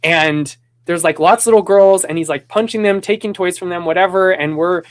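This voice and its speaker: A man with a notably high speaking voice talks casually as a podcast host. He tells stories in an animated way, rambles with restarts, and slips into other people's voices when quoting them. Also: fairly quick. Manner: animated storytelling, acts out quoted voices. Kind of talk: casual conversation.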